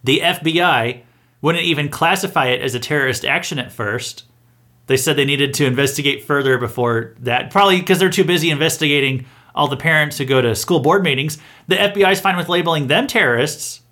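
A man's voice: a little high, brisk, pushed and bright. Sarcastic male political commentator. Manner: sarcastic, mocking, chuckles between points. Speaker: host of a satirical news round-up. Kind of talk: opinionated political commentary monologue.

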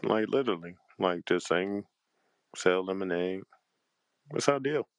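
A panel host with a low-pitched, animated voice launches into an angry livestream rant, heated, exasperated and profane. His delivery is drawn out and tired, and the recording has no echo.

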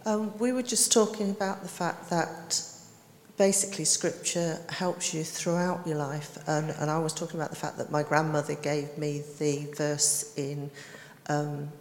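A woman sharing calmly and reflectively in a church group discussion. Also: low voice, measured pace. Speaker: group member. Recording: echoey hall with faint background noise.

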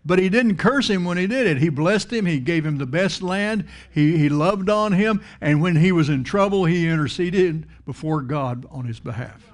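Male preacher with a fairly high voice, conversational sermon delivery, lots of repeats and rhetorical questions. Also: expressive, moderate pace, few pauses.

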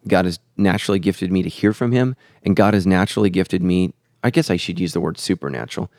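Deep-voiced earnest pastor, dry studio sound. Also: male voice, fast, darkish tone, no room sound. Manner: earnest, preacherly, repeats phrases for emphasis. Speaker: pastor and podcast host. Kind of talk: conversational podcast teaching.

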